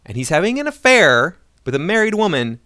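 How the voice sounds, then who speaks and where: A man's voice: fairly high pitch, sing-song, brisk, sharp tone, no room sound, clean studio sound. A man ranting in sarcastic, mocking political commentary.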